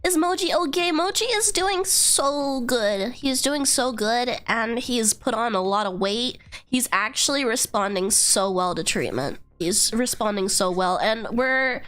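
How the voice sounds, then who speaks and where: A woman streamer, hoarse from being sick, chatting casually and giggling, squealing greetings to her viewers from her bedroom. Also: on the high side, animated, unhurried, few pauses, a bit bright. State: hoarse from illness. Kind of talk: casual live-stream chat.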